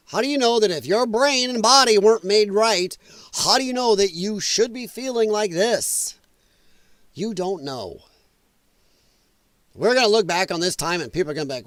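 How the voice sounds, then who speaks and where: A man with a high, lively voice hosts a livestream from home, swearing freely and laughing as he reacts to his viewers. The sound is dry and close to the mic. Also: moderate pace, no room sound. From US Midwest. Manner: loud, profane, laughing often. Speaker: livestream host. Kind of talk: casual livestream commentary. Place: home, dog nearby.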